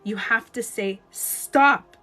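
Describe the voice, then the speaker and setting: Woman coach on a live stream, kinda high voice, super emphatic, swears a bit, faint music behind. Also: a little slow, a bit bright. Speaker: relationship coach. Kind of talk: live-stream advice talk.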